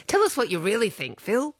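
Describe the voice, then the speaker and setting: An Australian woman hosts a radio talkback show, chatty and teasing as she takes calls. Her pitch leaps around with animation, and her voice sits very dry and close to the mic. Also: wildly swooping pitch, measured pace, slightly rough, no echo. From Queensland, Australia. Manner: chatty, teasing, laughs easily.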